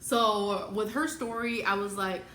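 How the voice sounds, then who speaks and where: A young adult woman telling a story casually and animatedly, acting out what people said in a higher voice. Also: a little slow, slight background noise. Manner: animated, acts out quoted speech in a higher voice. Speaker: vlogger telling her birth story. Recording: echoey room with clear background music.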